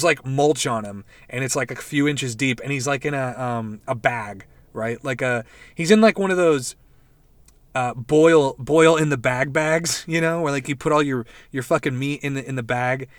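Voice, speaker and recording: A man's voice: mid-range voice, no room sound. Rambling, profane young man recapping a show. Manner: rambling, profane, animated retelling with quoted voices. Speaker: podcast host reviewing a show. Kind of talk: casual chat.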